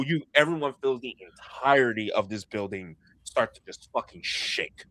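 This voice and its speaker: A man's voice: mid-range voice, normal speed, hardly any pauses, pushed and bright, slight background noise. A man narrating as game master of a tabletop role-play, laughing often and talking in a playful, loose way.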